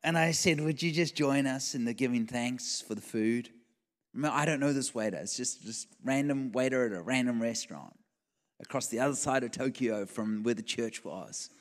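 A guest preacher with a mid-range voice delivers a storytelling sermon at a normal speed during a church event, acting out the dialogue of the people in his story. He's in a large church hall, and the recording carries a long hall reverb.

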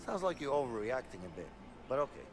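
An actor playing a laid-back criminal who talks in a dry, offhand way in video game dialogue. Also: male voice, medium pitch, sing-song, fast, noisy background, natural voice. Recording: game audio over music.

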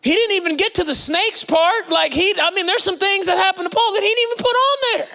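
A man's voice: very high voice, fast talker, vocal fry, bright, forceful tone, big-room sound. A man preaching a sermon in a conversational, playful way with slangy asides, recorded in a church sanctuary.

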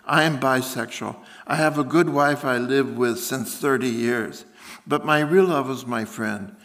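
A man voicing a blunt, solemn middle-aged German doctor who speaks English haltingly, with slips and broken grammar. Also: mid-range voice, fairly bright tone.

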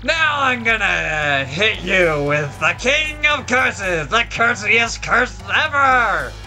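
Gamer doing a cursed talking chest: slow, bright-toned, bratty, gloating villain. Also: mid-range voice, big pitch swings, soft background music, full character voice. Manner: wheedling, then gloating with theatrical shouts. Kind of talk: let's play dialogue reading.

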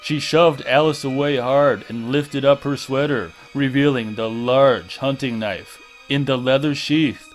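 A man reading a horror novel aloud in a deliberate, dramatic narration style. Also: medium pitch, steady tone, soft background music. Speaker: audiobook reader.

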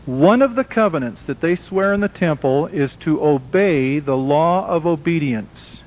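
A man's voice: a little high, lively intonation, unhurried, hardly any pauses. A man giving an evangelistic lecture to a live audience, delivering it dramatically and emphatically and acting out the voices of characters in a story. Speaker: Christian speaker. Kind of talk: evangelistic lecture with acted dialogue. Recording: dull lo-fi old tape recording.

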